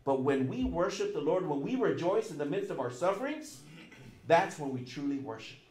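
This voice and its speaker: A middle-aged man preaching a sermon as pastor, emphatic and repetitive, swinging between loud and soft. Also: fairly high pitch, big pitch swings, moderate pace, echoey room.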